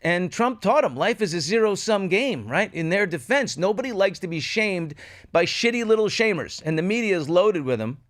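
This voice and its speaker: A man's voice: sits high, animated, normal speed, fairly bright tone. A middle-aged man hosting a talk show, riffing sardonically in casual political commentary.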